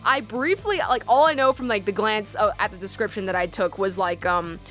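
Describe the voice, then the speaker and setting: A young woman streaming a game, gushing and excitable as she comments and reads the text aloud. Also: mid-range voice, brisk, soft background music. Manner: gushing, excitable, many fillers.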